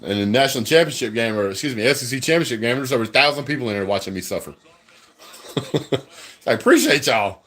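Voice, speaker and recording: A man hosting a live fan reaction stream, excitable and trash-talking, speaking into a phone held at arm's length. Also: mid-range voice, fast talker. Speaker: fan livestream host.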